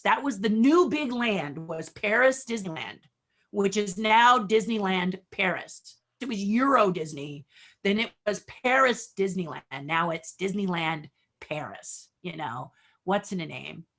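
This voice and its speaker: A middle-aged woman guest telling career stories, acting out each person in a conversation. Her pitch swings widely as she plays out the dialogue. She sounds expressive and energetic throughout. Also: unhurried. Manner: animated storyteller acting out dialogue. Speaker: podcast guest. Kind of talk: storytelling interview.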